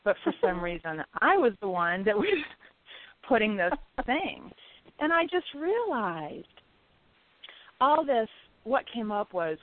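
A woman's voice: mid-range voice, sing-song, takes it slowly, pauses often, no room sound. A woman telling a personal story casually, laughing often and acting out her own reactions. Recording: tinny phone-line sound.

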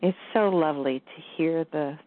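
Sananda, voiced by a woman, gentle spirit teacher. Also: low-pitched, normal speed, a little hiss or hum, pitched below the performer's own voice, close to an everyday voice. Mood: reassuring. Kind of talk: channeling session. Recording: tinny call line.

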